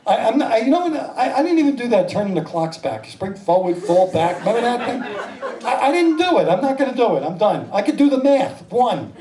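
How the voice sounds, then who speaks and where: A male stand-up comedian in his fifties with a high, lively voice, jumping into silly voices. He sounds a little far from the mic. An echoey club and a laughing crowd sit behind him. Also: brisk. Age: 50s. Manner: animated, slipping into exaggerated voices. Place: small comedy club stage. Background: audience laughter.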